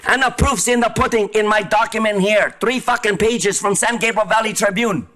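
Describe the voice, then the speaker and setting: A high-voiced man with a bright, sharp tone rants at a public meeting. His talk is profane, erratic and combative, fired at the room from a podium microphone. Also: moderate pace, hardly any pauses. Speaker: public commenter. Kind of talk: angry public comment rant.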